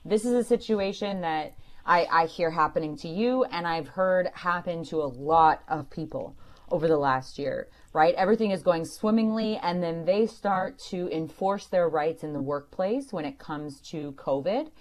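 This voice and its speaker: A woman explaining employment law clearly and emphatically to a caller, as host of a call-in show. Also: on the low side, moderate pace. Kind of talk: radio call-in advice.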